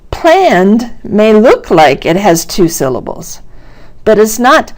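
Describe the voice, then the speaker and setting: A woman teaching pronunciation at an unhurried, measured pace. Her voice sits at a mid pitch, and she stretches out example words to show how they sound. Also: sing-song. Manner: slow, deliberate, exaggerating sounds for demonstration. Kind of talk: instructional narration.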